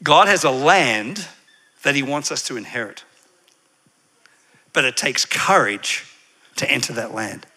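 A man's voice: mid-range voice, measured pace, long pauses, breathy edge. A man preaching a sermon with energy, getting the congregation to repeat lines back and drifting into side stories. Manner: energetic, leads congregation call-and-response; animated, digressive storytelling.

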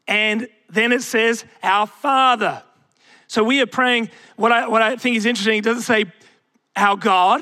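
A young man preaches to his congregation, his voice sitting high for a man. He takes his time, leaning on rhetorical questions and calling the church to answer back. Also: pushed and bright, no echo, studio quality. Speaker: pastor. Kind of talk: sermon.

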